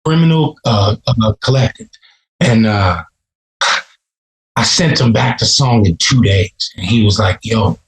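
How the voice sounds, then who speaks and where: A man's voice: fairly low pitch, unhurried, echoey room, low-quality recording. A man from Chicago, a rapper, telling stories in a casual, profane podcast interview. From Chicago, USA. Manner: laid-back, profane, storytelling. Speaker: rapper guest.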